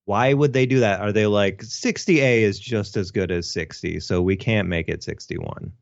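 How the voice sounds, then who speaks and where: Lo-fi low-voiced male cohost. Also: moderate pace, creaky, dry recording. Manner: reacts with short laughs and quips. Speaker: guest cohost. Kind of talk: casual chat.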